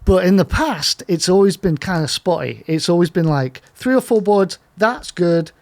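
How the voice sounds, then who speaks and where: An easygoing man chatting casually as a podcast guest, his voice sitting a little high. He laughs often and livens up when he acts out what others said. The sound is close and dry. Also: animated, moderate pace, vocal fry, a little mellow, no echo. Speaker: skateboard graphic artist guest.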